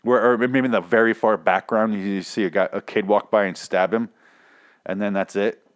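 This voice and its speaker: A man hosting a casual show, rambling and swearing with exasperation, his voice hoarse and nearly shot. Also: lowish voice, fairly even intonation, moderate pace. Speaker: podcast host. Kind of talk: casual rant about a TV show.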